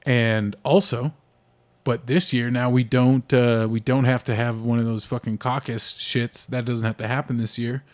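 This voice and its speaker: A man's voice: mid-range voice, fairly even intonation, moderate pace. A young man from the United States co-hosts a casual podcast. He rambles through politics and movies, with plenty of "like" and "uh" and thoughts that start over partway through. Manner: rambling, frequent fillers and restarts. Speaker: podcast co-host.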